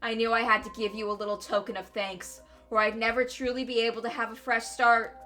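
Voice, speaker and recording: A woman's voice: fairly high pitch, level tone, a little fast, bright, forceful tone, faint music behind. A woman voicing a vengeful male ex-convict from a game, taunting and sneering with mock sweetness that turns to snarling threats. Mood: mock-sweet. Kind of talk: reading a game aloud with voices.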